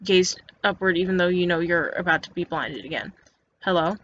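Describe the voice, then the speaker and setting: Flat-voiced woman reading a story game. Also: fairly low pitch, brisk, slight background noise. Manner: second-person narration with frequent stumbles and restarts. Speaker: narrator. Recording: dull lo-fi recording with faint music.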